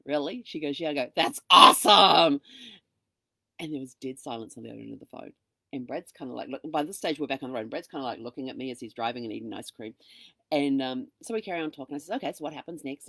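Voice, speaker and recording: A middle-aged woman hosting a show, telling a personal story in a casual monologue and acting out the dialogue with lively energy. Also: sits low, no echo. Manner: animated, acts out quoted dialogue. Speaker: host.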